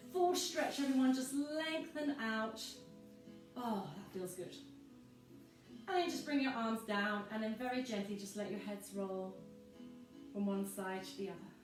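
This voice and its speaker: High-voiced woman leading a pilates class. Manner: calm, encouraging cues timed to breathing. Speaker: pilates instructor. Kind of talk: guided workout instruction. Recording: echoey room from far off with music.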